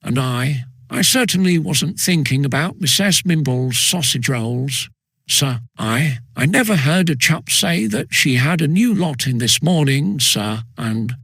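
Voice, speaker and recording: A man's voice: on the high side, expressive, measured pace, a bit bright, breathy edge, no room sound, clean studio sound, full character voice. A man voicing a fat, greedy schoolboy who stammers and flusters, in a storybook reading. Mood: stammering.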